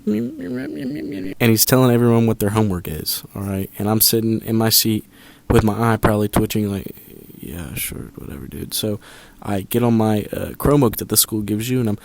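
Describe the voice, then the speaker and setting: A man with a slightly low voice tells a storytime commentary over a basketball video. He is sarcastic and animated, often turning to the listener with rhetorical questions. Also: normal speed, creaky, no room sound. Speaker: basketball YouTuber.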